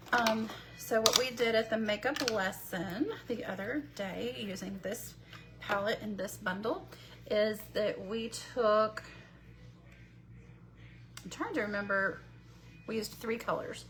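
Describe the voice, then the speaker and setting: A woman leads a makeup tutorial in a relaxed, chatty way, filling pauses with little fillers as she works. Her voice sits at an ordinary middle pitch. A faint hum of household noise runs behind her in the home. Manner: chatty and conversational, with frequent fillers. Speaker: makeup instructor. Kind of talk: live-streamed makeup tutorial. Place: home with construction going on.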